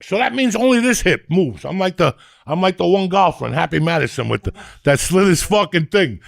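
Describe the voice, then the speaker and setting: A man co-hosting a comedy podcast, telling profane, animated stories in rant after rant. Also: high-pitched, fairly quick, vocal fry, no room sound. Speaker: podcast co-host.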